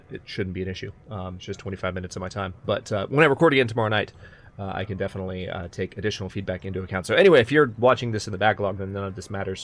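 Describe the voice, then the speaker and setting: A man hosting a let's play, chatting casually and thinking aloud as he plays. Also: fairly low pitch. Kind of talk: casual gaming commentary.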